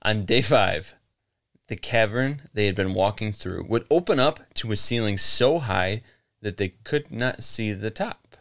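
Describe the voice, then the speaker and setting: An American man co-hosts a podcast, spinning a legend in a loose, meandering way full of swearing and laughter. His voice sits on the low side, lively yet unhurried, with a fairly bright tone.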